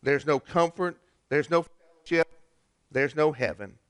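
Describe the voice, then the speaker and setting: A man preaching a Christmas sermon, earnest, with pauses and restarts. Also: on the high side, fairly bright tone, clear, resonant tone, dry recording. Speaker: pastor.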